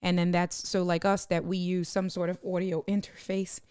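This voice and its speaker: A woman live streamer giving a casual tutorial on streaming software, chatting as she clicks and greeting viewers by name. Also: lowish voice, level tone, moderate pace, clean tone, no room sound, studio quality.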